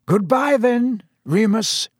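A gentle old headmaster, wise and calm, speaking slowly and softly in a raised, lilting voice, as a storybook narrator puts him on. The sound is close and dry. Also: male voice, high-pitched, dry recording, pitched above the performer's own voice, full character voice. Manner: slow, soft and measured.

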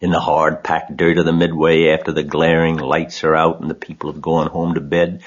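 A man's voice: rumbling low, level tone, breathy edge. A man voicing a sly old sheep who lingers over her words. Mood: tempting. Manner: savoring, listing slowly. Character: old sly female sheep, tempting talker. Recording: dull lo-fi recording.

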